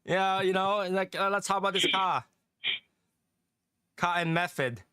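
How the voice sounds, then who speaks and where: A man's voice: high-pitched, unhurried, bright, forceful tone, clear, resonant tone, no room sound, clean studio sound. A middle-aged man from Connecticut hosting a casual chat, rambling and joking with frequent laughs. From Northeast Connecticut. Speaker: host.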